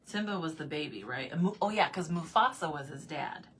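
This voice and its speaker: A woman's voice: deep voice, lively intonation, fairly quick, fairly bright tone, husky. A woman chatting casually with her livestream viewers while she paints at home, answering their comments and laughing often. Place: home room with desk.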